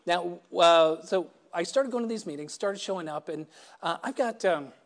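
A man's voice: high-pitched, moderate pace. A middle-aged man giving a personal recovery talk, wry and self-deprecating, often stammering and restarting his sentences. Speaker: recovery meeting speaker.

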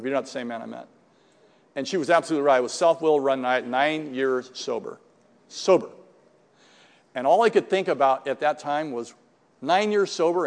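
An older man shares his personal story at a recovery meeting, talking in a loose, conversational way and often tossing in quick asides to the room. His voice sits at an ordinary middle pitch, and the sound carries a long hall reverb.

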